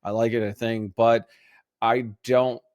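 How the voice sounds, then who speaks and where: A man's voice: mid-range voice, flat delivery, a little slow, darkish tone, no room sound, dull audio. A man co-hosting a casual sports podcast, who rambles with restarts and laughs often. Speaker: podcast co-host.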